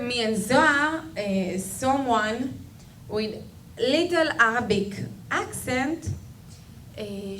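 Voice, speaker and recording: A young woman with an Israeli accent, native Hebrew, giving a personal testimony to a community audience, halting and searching for words with many pauses. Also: mid-range voice, roomy sound. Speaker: guest speaker. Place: community event hall. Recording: distant mic with faint background noise.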